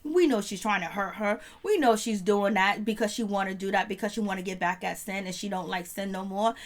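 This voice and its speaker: Woman doing a chill slangy tv recap, mid voice, laughs here and there. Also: medium pitch. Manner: slangy, laid-back storytelling with quick laughs. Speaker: reality TV recap host. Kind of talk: casual recap vlog.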